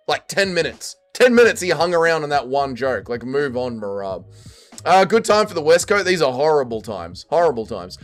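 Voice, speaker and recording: Lively man reading stream chat. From Australia. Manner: lively, swings between loud quips and low mutters. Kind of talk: casual livestream chat.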